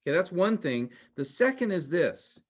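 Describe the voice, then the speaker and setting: Higher-voiced man teaching a class. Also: very animated, normal speed. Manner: conversational, quizzes students with questions. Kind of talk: interactive class lecture.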